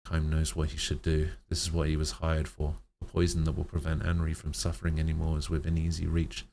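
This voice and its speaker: Streamer guy reading a story out loud, measured, real deep voice. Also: completely flat delivery, gravelly, slight background noise. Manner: slow, measured, occasional slips.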